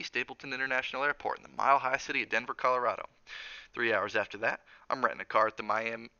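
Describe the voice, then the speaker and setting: Brief: jovial Southern male cook, teasing and easygoing, bright reedy tone, voiced by a male reader. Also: mid-range voice, clear, resonant tone, no room sound, highs cut off. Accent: soft Southern US. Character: jovial tall male hotel cook, laughs a lot.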